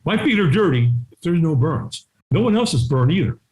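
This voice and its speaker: A middle-aged man telling a story as an interview guest, acting out the voices of people in it and sometimes shouting. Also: a little high, big pitch swings, normal speed. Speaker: guest, firewalking instructor. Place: his home.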